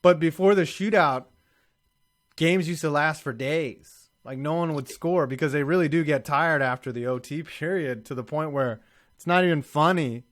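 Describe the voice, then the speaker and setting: A man's voice: a little high, a bit bright. A man hosting a live-streamed sports talk show, ranting hot takes with lots of swearing in casual banter.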